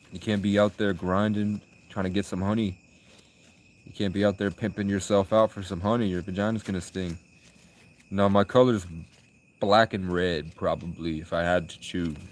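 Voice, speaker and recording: A young man live streaming, chatting with viewers in rambling, crude, provocative banter. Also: on the low side. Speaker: livestreamer.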